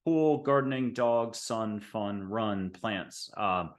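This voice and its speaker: A man's voice: fairly low pitch, slow. A man hosts a talk show over a video call. He chats casually and rambles through upbeat asides. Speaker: host.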